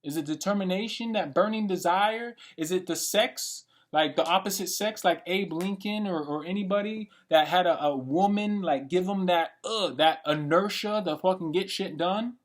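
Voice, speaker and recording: A man's voice: high-pitched, normal speed, few pauses. A man in his late twenties giving a blunt, profane and rambling monologue for his vlog. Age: late 20s. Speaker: vlogger. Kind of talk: unscripted rant monologue.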